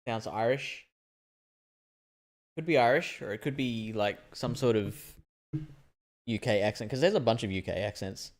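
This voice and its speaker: A man giving live gameplay commentary at a middle pitch, musing and chatty. He thinks aloud, often restarting his sentences as he works things out. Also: moderate pace, pauses often. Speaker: streamer.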